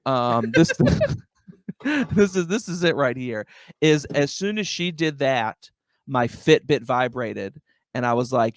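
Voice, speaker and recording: A young adult man, a stand-up comedian, telling a story as a podcast guest in an animated, filler-heavy way, often saying "like" and "dude". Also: medium pitch, slow pace, dry recording. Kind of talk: casual storytelling chat.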